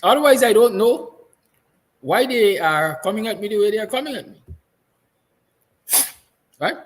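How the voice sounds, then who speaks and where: A man's voice: high voice, expressive, normal speed, poor audio. A Guyanese man hosting a morning talk show, delivering an impassioned monologue with emphatic repetition, at times close to tears. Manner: fiery, emphatic, repeats lines; soft, tender passages. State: emotional, near tears. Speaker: host.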